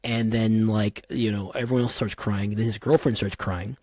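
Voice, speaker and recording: A man talking as a podcast guest in a casual interview, an animated, digressive storyteller with slangy asides. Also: on the low side, normal speed.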